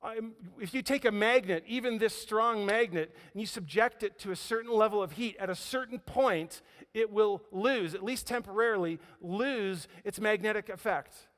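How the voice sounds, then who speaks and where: A man's voice: sits high, moderate pace. Pastor, male, preaching a sermon with dramatic dynamics; long reverb of a big room. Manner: dramatic storytelling, swings between loud emphasis and quiet near-whispers. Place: church auditorium. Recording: hall reverb.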